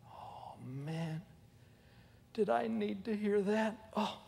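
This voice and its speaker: A man's voice: high voice, slow, vocal fry, long reverb tail, a little hiss or hum. A man preaching a humorous storytelling sermon, acting out the voices of the people in his story. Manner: animated, humorous, acts out voices. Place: church.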